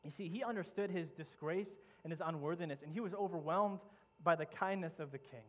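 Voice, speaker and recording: Brief: male pastor, vivid dramatic storytelling sermon, somewhat high voice, lots of restarts. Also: brisk, low-quality recording.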